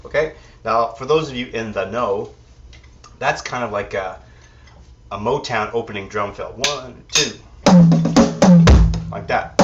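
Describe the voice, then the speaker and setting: Male drum instructor, easygoing, thinks out loud; dull, distant recording. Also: lowish voice. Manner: relaxed, counts beats aloud, thinks out loud. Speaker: drum teacher. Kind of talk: drum lesson with counting and demonstration. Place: drum kit room. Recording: distant mic, dull sound, loud drums. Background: drums and music.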